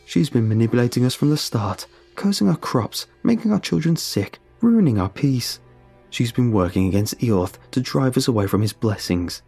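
A man's voice: mid-range voice, animated, moderate pace, creaky, mellow, husky, soft background music. A man doing a hostile council elder, spitting accusations. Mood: accusing. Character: accusing male village council member, hostile. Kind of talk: audiobook reading.

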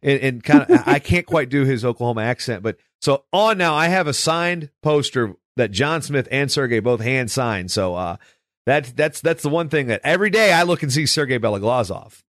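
A man's voice: medium pitch, lively intonation, normal speed, fairly bright tone, no room sound, clean studio sound. A man hosting a conversational interview, telling rambling stories in a chatty way. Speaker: podcast host.

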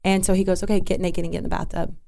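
A woman telling a personal story in an interview, candid and halting, with restarts and asides. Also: fairly low pitch, little pitch movement, creaky, mellow. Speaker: interview guest.

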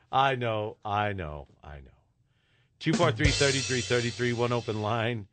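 Man, radio call-in host, jovial, laughs often, slow-paced, dry close studio mic. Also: mid-range voice, animated, a bit bright, dry recording, faint music behind. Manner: jovial, laughs easily, repeats the phone number. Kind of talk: live call-in joke segment. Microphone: studio microphone.

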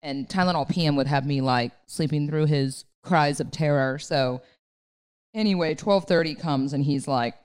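A woman's voice: normal speed, darkish tone, clean tone. A woman in her thirties, co-hosting a podcast, chatting casually and telling a story with lots of fillers. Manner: chatty storytelling, acts out quotes in a high voice. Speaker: podcast co-host. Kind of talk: casual chat.

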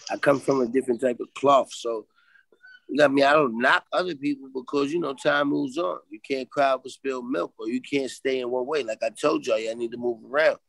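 A man's voice: medium pitch, fairly even intonation, fairly quick, gravelly, a bit bright, dry recording, rough recording. A man with a Brooklyn New York accent, a podcast guest on a video call, talking in a streetwise, emphatic way and keeping on asking if you follow him. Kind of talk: casual interview talk.

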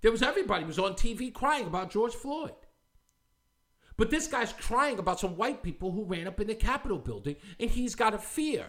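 A man hosts a commentary show and rants with heat and scorn. His voice sits high and swings widely in pitch. It has a bright, sharp edge. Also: expressive, a little fast. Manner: heated, confrontational, scornful. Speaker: talk show host. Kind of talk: ranting commentary.

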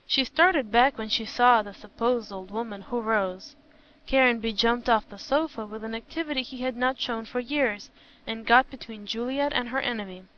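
A woman narrating a novel as an audiobook reader, with an even, measured delivery. Her voice sits fairly high. The recording sounds dull and lo-fi. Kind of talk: reading a novel aloud.

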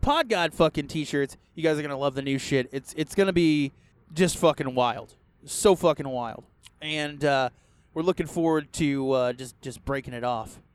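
High-voiced foul-mouthed man ranting. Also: normal speed, clear, resonant tone. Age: adult, past a first marriage. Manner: crude, swears constantly, bursts into yelling. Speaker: podcast host. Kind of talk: profane casual rant. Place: inside a car on the road.

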